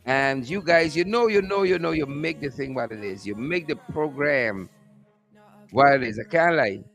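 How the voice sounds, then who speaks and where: A man with a Guyanese accent hosting a live stream from outdoors, repeating upbeat shout-outs to his viewers by name. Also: on the high side, moderate pace, vocal fry, faint music behind. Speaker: host.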